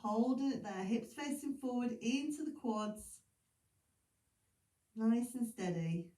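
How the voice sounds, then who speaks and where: A woman leading a pilates class, calm and encouraging, sounding sleepy. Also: fairly high pitch, takes it slowly, far from the mic. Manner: calm, encouraging, chatty asides. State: sleepy, yawning. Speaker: pilates instructor. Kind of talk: guided exercise class instructions. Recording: echoey room, voice from off-mic.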